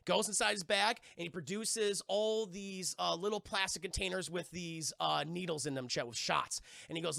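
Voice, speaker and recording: A man streaming live, excitedly recapping a TV episode for his chat, profane and acting out the characters' lines. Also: sits high, a little fast, gravelly, no room sound, clean studio sound. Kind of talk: animated live-stream recap with acted-out quotes.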